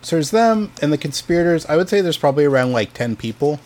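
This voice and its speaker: A man's voice: a little high, expressive, quick pace, a little mellow. A man on a casual podcast, telling a history story with many ums, uhs and restarts. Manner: hesitant, many fillers and restarts.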